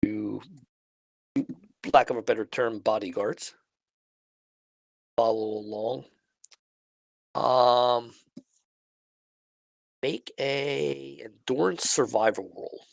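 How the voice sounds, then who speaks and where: A man narrating as game master of a tabletop role-playing game, halting and restarting often. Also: medium pitch, steady tone, creaky, dry recording, poor audio. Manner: halting, many restarts and fillers.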